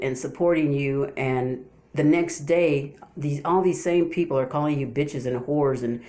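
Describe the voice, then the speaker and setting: A woman's voice: rumbling low, a little mellow. Woman YouTuber, unscripted and repetitive, stammers through rhetorical questions to her viewers. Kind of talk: casual unscripted monologue.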